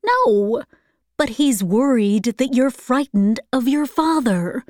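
A woman's voice: high-pitched, big pitch swings, takes it slowly, darkish tone, no echo, clean studio sound, pitched above the performer's own voice, exaggerated voice. A woman voicing a fussy, meddling middle-aged aunt with a reproachful manner.

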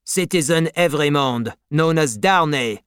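A man doing a rough, curt revolutionary guard. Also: a little high, lively intonation, a little slow, fairly bright tone, no room sound, studio quality. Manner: curt and commanding. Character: rough revolutionary male guard, blunt and firm.

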